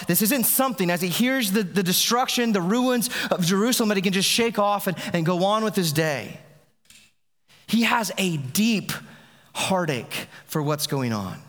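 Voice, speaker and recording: Male pastor mid-sermon, slightly high voice, conversational, many restarts, echoing sanctuary sound. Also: expressive, normal speed, a bit bright. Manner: conversational preaching with frequent restarts. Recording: long reverb of a large hall.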